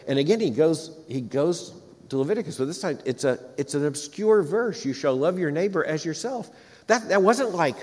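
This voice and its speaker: A man's voice: on the high side, breathy edge. A man preaching an expository sermon, reading scripture aloud and breaking off for emphatic, wry asides. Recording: long hall reverb.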